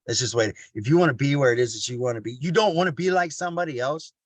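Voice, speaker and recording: A middle-aged man delivers a casual motivational talk in a blunt, plain-spoken way, hammering points home by repeating them. His voice sits at an ordinary male pitch. The sound is close and dry, with almost no room echo. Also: racing. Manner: addresses listeners as family. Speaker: motivational speaker.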